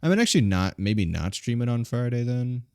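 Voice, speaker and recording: A man's voice: medium pitch, animated, a little fast, darkish tone, clear, resonant tone, no echo, clean studio sound. A male streamer chatting casually and playfully as he wraps up a live game stream. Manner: rambling, playful.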